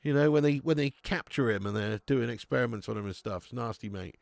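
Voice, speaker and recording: A man's voice: mid-range voice, fast talker, vocal fry, dry recording, clean studio sound. An English man hosting a live football watch-along, chatting casually with viewers and reading out their comments. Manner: laughs often, calls people mate.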